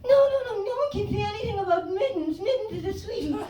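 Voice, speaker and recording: A man putting on a shrill doting pet owner who gushes, near tears. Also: lively intonation, fast talker, lo-fi sound. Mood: gushing. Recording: roomy club, distant mic.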